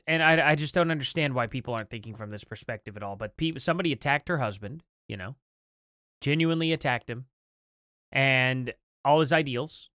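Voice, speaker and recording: A man hosting a live stream, rambling on in a loose, chatty way and leaning on fillers as he thinks aloud. His voice is bright and forceful, at an average pitch. The sound is dry and close, with no room around it. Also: dry recording. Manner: rambling, conversational, many fillers. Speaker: livestream host. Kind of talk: casual commentary.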